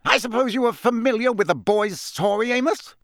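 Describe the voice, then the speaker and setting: A man's voice: extremely high pitch, fairly quick, fairly bright tone, no echo, clean studio sound, voice pushed up. A man playing a senior male wizard official who speaks with icy, clipped anger. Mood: cold anger. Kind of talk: audiobook character voice.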